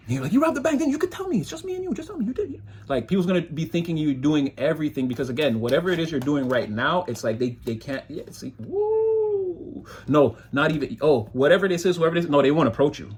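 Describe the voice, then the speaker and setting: This tarot reader's voice is husky and fairly high. He rambles casually through the reading and puts on mocking voices whenever he quotes someone.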